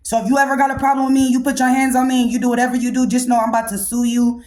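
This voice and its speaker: A woman in her thirties recapping a reality show on her podcast, blunt and animated, with plenty of slang. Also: high-pitched, very fast. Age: 30s. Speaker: podcast host.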